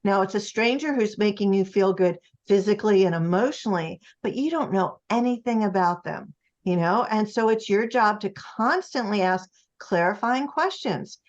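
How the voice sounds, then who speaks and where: A woman's voice: medium pitch, normal speed. A woman speaking as an author in a conversational interview, explaining emphatically and acting out the voices of other people. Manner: emphatic, acts out quoted voices while explaining. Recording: slightly muffled lo-fi audio.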